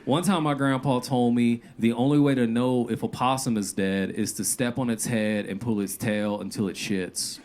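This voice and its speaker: Deadpan man on a club stage. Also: mid-range voice, moderate pace, hardly any pauses. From Louisiana. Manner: deadpan, loose and rambling, with filler "uh"s and "like"s. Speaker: stand-up comedian. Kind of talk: stand-up set. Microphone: handheld stage mic. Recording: noisy live club recording.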